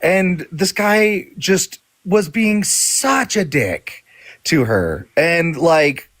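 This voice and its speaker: A man's voice: fairly high pitch, animated, extremely slow, fairly bright tone, dry recording. A man hosting a casual podcast chat, loose and filler-heavy while praising his co-hosts.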